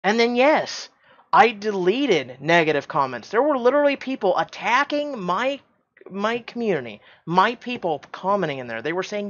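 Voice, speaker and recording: A man's voice: high-pitched, sing-song, normal speed, a bit bright. A man hosts his channel in a defensive rant, heated and insistent. He doubles back over his words as he pushes his point. The recording is dull and lo-fi, like a home setup. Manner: heated, repeats himself, stumbles. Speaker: YouTube channel host.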